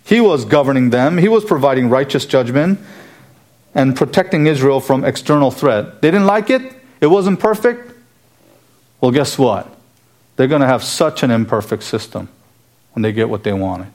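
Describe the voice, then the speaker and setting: A man's voice: medium pitch, moderate pace, darkish tone. A man preaching an earnest expository sermon, asking emphatic rhetorical questions as he explains a scripture passage verse by verse.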